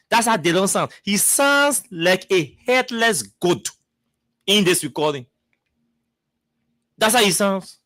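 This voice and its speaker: A man's voice: sits high, animated, a little slow, long pauses, bright, forceful tone, no room sound. A man hosting a radio talk show, arguing and mocking as he repeats his words. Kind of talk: radio commentary.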